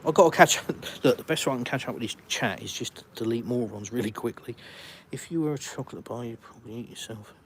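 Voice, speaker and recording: English bloke streaming on his phone outdoors, middle pitch, blunt and sarcastic. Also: fast talker, hardly any pauses, a little hiss or hum. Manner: blunt, dry sarcasm toward trolls. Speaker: livestream host. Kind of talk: live-stream chat reading. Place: outdoors in a village.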